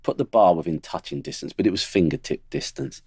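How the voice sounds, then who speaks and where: Middle-aged man, very low voice, dry close studio sound, blunt anecdotal storytelling. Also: lively intonation, a little fast, darkish tone, slightly rough, no room sound. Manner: blunt, anecdotal, mimics teammates. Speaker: former footballer guest. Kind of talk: podcast storytelling. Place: podcast studio.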